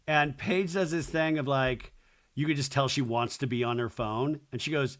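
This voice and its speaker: A man's voice: medium pitch, a little fast. A young adult man hosting a solo podcast, sarcastically recapping a reality show in casual chat, swearing freely and mocking people in exaggerated quoted voices.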